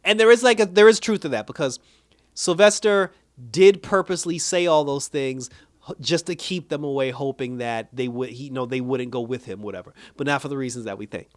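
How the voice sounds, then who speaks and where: A man's voice: mid-range voice, fairly quick, no room sound. Rambling casual male show reviewer. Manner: rambling animated retelling, heavy filler "like". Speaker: TV episode reviewer.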